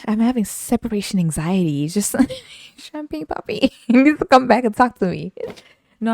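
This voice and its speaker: A woman's voice: lowish voice, dark tone, no room sound, clean studio sound. A young woman hosting a podcast, telling stories casually, laughing often and acting out the voices of the people she quotes. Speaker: podcast host. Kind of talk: casual solo storytelling.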